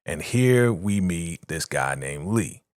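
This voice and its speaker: Young guy recapping a tv episode, hyped and slangy, lowish voice. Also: slow pace, dry recording, studio quality. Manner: excited, slangy storytelling. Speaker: TV episode recap and reaction host.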